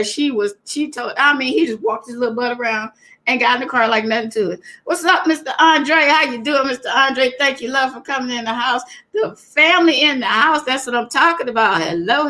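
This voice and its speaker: High bright chatty woman host. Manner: chatty, greets viewers by name, retells stories animatedly. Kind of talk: casual livestream talk.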